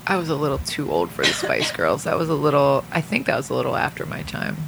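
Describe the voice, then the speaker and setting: A woman in her thirties in casual chat, an animated storyteller who swears freely and laughs often. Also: a bass voice, quick pace, vocal fry, noisy background.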